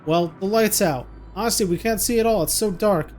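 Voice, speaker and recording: A man voicing a frightened young mother who talks to her little son in a hushed, soothing way, reading game dialogue aloud. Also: medium pitch, brisk, soft background music, close to an everyday voice. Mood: pleading. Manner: hushed and soothing, coaxing a child.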